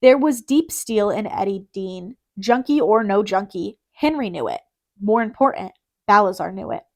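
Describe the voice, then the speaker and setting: A woman reading an audiobook in a steady, measured narration. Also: medium pitch.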